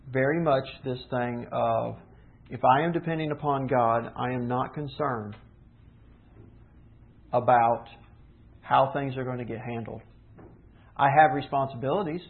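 A man preaching a sermon, teaching earnestly with rhetorical questions and slowing down for emphasis. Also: mid-range voice. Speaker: pastor. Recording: tinny phone-like sound.

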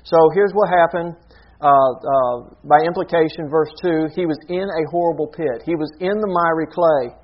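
A man's voice: fairly high pitch, moderate pace, lo-fi sound. A man preaching a sermon in an earnest teaching manner, often checking in with a rhetorical "okay?".

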